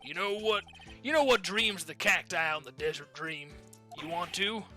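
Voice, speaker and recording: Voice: mid-range voice, moderate pace, bright, forceful tone, faint music behind, lightly acted. A streamer voicing a swaggering male detective who talks like a Wild West cowboy, with a folksy drawl, reading game lines aloud.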